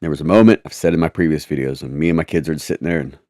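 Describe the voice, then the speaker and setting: A man telling a personal testimony in a halting, repetitive, earnest way. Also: a bass voice, a little mellow, no room sound, studio quality.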